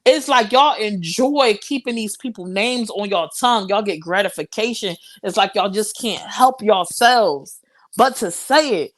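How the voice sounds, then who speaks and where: A woman's voice: mid-range voice, measured pace. A young woman hosts a live stream and talks straight to her viewers. She sounds impassioned and a little preachy, in casual commentary.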